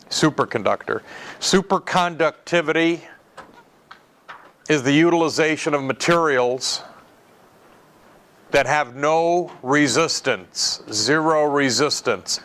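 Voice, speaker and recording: A man's voice: mid-range voice, a bit bright. Man giving a casual classroom lecture. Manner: conversational, repeats key terms, asks students questions. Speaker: college electronics lecturer.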